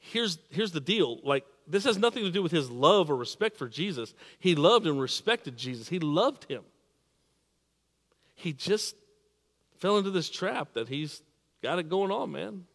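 A man preaching a sermon, repeating and restarting words, swinging between emphatic peaks and quiet drops. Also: a little high, animated, measured pace, big-room sound. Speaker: pastor.

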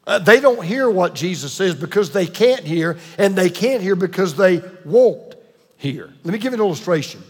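Older male pastor, high husky voice, preaching in a big reverberant church. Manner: emphatic preacher with dramatic pauses and asides. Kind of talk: sermon.

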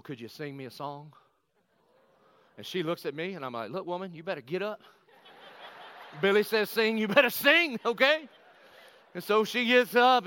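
A middle-aged man, a pastor, telling a personal story in a lively conversational sermon and acting out the quotes. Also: a little high, smooth, dry recording. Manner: animated, conversational, acts out quotes.

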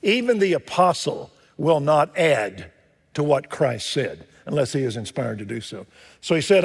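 A man delivers a sermon as pastor, his voice set fairly high for a man. He moves between emphatic, raised passages and quiet, hushed storytelling. The sound rings with a long reverb, like a large church hall. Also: moderate pace, gravelly, slightly rough. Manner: animated preaching with swings from loud to hushed.

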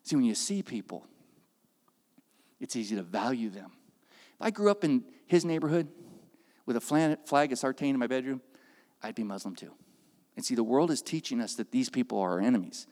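Animated male preacher in reverberant hall. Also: medium pitch, moderate pace, long pauses. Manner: animated, acts out quoted voices, swings from loud to hushed. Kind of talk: sermon storytelling.

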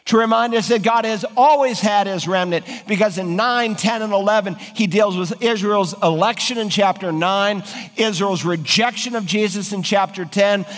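A man's voice: high-pitched, normal speed, fairly bright tone, big-room sound. A man preaching an earnest, emphatic sermon, acting out biblical quotes with dramatic feeling. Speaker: pastor.

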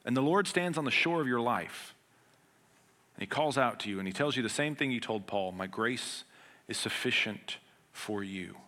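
Preaching as a pastor, this man speaks at medium pitch, a little fast and expressively. He's sincere and chatty, sprinkling in ordinary humor while moving back and forth between forceful loud moments and hushed passages.

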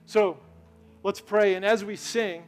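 Man, pastor, high voice, chatty storytelling sermon, faint guitar behind. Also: steady tone, takes it slowly. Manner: conversational, storytelling, asks the crowd questions. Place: church sanctuary.

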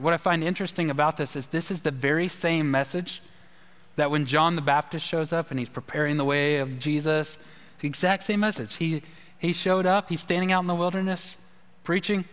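A pastor with a notably high voice delivers his sermon in a relaxed, chatty manner, spinning stories and tossing in asides. His words ring out with a long reverb, as if in a large church sanctuary. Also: moderate pace. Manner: conversational, storytelling with asides.

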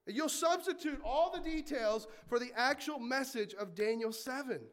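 A man preaching with lively, conversational energy. He breaks off for asides and jokes. His voice sits high for a man. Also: normal speed. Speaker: pastor. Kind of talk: sermon.

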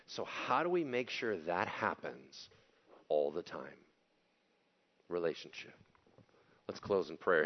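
A man's voice: sits low, muffled recording. A man preaching a sermon as pastor, talking casually and bluntly and acting out the people he quotes.

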